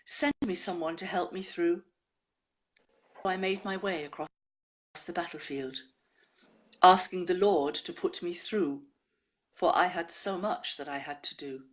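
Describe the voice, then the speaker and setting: A woman presenting a show, chatting and reading listeners' poems aloud in a measured way. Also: on the low side.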